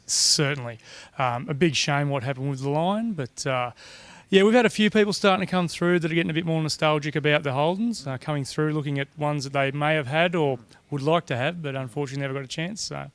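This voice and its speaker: A man's voice: a little high, no room sound. Aussie guy showing off a collection, laid back, lots of uhs, dry close sound. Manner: relaxed, measured, with many fillers. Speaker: collection guide. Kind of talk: casual interview answers.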